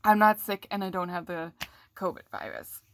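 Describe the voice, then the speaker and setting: A woman's voice: lowish voice, steady tone, moderate pace, a little hiss or hum. A young woman venting on camera about a bad day, rambling and frustrated, with coughing fits. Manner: rambling, frustrated, self-deprecating, candid. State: coughing, throat catching. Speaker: vlogger. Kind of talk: casual talk to camera.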